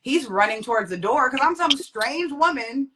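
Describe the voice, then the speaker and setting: Against a noisy background, a young woman speaks at a moderate pace with lively intonation. Appearing as a guest, she recounts her own testimony and brings quoted speech to life through dramatic pitch leaps.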